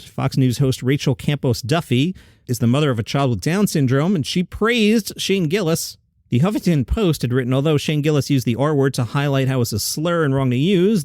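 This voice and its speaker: A man's voice: medium pitch, a little mellow, no room sound, clean studio sound. A man hosting a comedy news podcast, chatty and opinionated, reading listener comments aloud.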